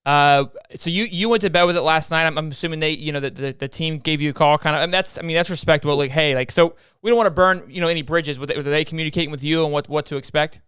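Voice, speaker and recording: A young man hosting a casual sports talk stream, energetic and repeating his words as he goes. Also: a little high, fast, few pauses, clear, resonant tone, no room sound, studio quality. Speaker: host.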